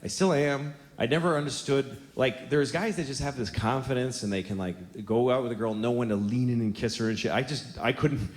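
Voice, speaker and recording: A man in his forties doing a stand-up comedy set on a theater stage, telling blunt, exaggerated stories in an animated way. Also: medium pitch, fairly quick, few pauses. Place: theater stage before a live audience. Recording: roomy hall with audience noise.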